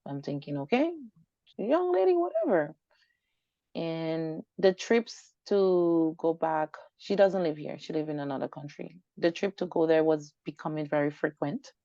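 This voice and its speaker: A woman's voice: sits low, moderate pace, few pauses, dry recording. A woman guest recounting a personal story in an interview, animatedly acting out the dialogue. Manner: animated, acts out quoted dialogue. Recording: dull lo-fi dry recording.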